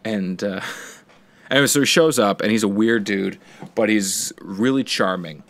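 A man's voice: lowish voice, unhurried, fairly bright tone. A man co-hosting a podcast, casually retelling a story with plenty of swearing and quoted voices. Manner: rambling storyteller, swears freely, acts out quotes. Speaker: podcast co-host. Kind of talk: casual chat.

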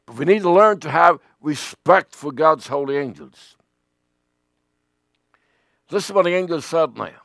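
A man preaching a sermon with emphasis, swinging between loud and hushed. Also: on the high side, animated, a little slow, creaky, long pauses, no room sound, studio quality.

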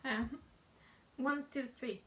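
A woman's voice: high-pitched, fairly even intonation, slow pace, noisy background. A young woman from Sweden chatting and giggling through a candy taste test. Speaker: vlogger tasting candy. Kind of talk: casual chat. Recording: loud music underneath.

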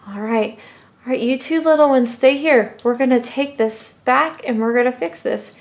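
A woman's voice: high-pitched, moderate pace, a little mellow. A woman, hosting a toy unboxing and gushing cheerfully over small toys. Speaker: toy channel host.

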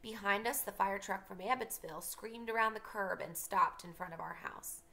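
A woman teacher reads a novel aloud for her students and stops now and then to explain. Her voice is bright with a gravelly edge. Her pitch sits in a middle range. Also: normal speed. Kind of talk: reading a novel aloud for a class.

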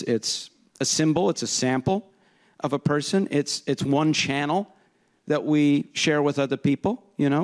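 Rambling, joking male stage speaker. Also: medium pitch. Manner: rambling, self-deprecating, slips in quick voice demos. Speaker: conference speaker and voice impressionist. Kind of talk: humorous conference talk. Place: stage before a live audience.

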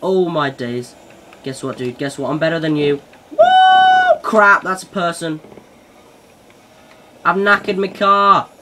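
A young man giving excitable let's-play commentary, yelping and shouting at the game as he plays. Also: a little high, unhurried, long pauses, noisy background. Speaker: gaming channel host.

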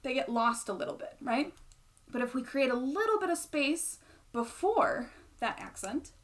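A woman's voice: sits high, lively intonation, moderate pace. A young adult woman giving a patient music lesson, explaining step by step and checking in with the listener. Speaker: bassoon teacher. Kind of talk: instructional explanation.

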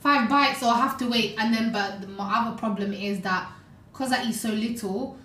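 A woman's voice: fairly high pitch, normal speed, bright, forceful tone, echoey room. A young woman chatting on a podcast, telling stories animatedly with lots of "like" and "you know". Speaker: podcast co-host. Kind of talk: casual podcast chat.

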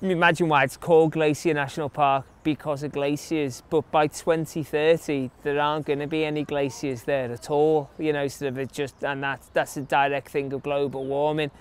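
A man's voice: on the high side, flat delivery, moderate pace, hardly any pauses, clear, resonant tone. A young adult man from England with an English accent, casually telling stories from his run in an interview, chatty and full of fillers. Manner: chatty, anecdotal, many fillers. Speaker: interviewee, long-distance runner.

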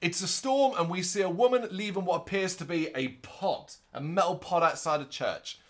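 A man with a voice a little higher than most men's co-hosts a casual film review podcast. He recaps scenes in an animated way and slips into brief put-on voices for quick jokes. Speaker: podcast co-host. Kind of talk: casual movie review chat.

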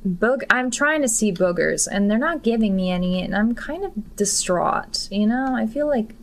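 A woman's voice: medium pitch, expressive, moderate pace, a little hiss or hum. A young woman giving casual, giggly gameplay commentary full of crude jokes. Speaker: game streamer.

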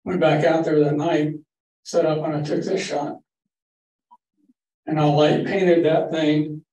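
A man's voice: on the high side, flat delivery, slow, mellow. An older man giving a casual, rambling slide-show talk to a photography club in a library meeting room, with folksy stories. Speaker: guest photography presenter. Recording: echoey room from far off with faint hiss.

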